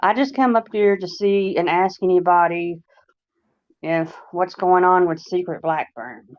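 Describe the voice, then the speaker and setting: A woman with a Southern American drawl, talking in a casual, halting way and repeating herself as she goes. Her voice sits fairly low, and the sound is dull and lo-fi. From United States. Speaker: viewer joining a live stream. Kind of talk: casual chat.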